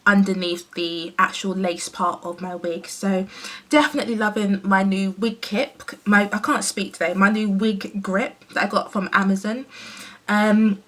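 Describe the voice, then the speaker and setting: A woman's voice: medium pitch, fairly even intonation, moderate pace, a bit bright. A woman from the UK chatting casually while doing her hair, with many fillers and self-corrections. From United Kingdom. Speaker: hair vlogger. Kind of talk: casual rambling chat.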